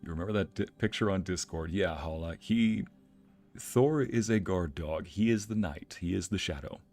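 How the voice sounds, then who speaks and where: A young adult man streaming, who tells anecdotes in a casual, animated way and laughs often. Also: low-pitched, normal speed, soft background music. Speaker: streamer and narrator. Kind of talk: casual storytelling chat.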